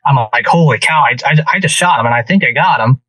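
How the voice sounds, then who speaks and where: A man on a podcast telling a hunting story in an animated, casual way, with many restarts. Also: mid-range voice, quick pace, husky, no echo, distant mic, low-quality recording. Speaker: podcast guest.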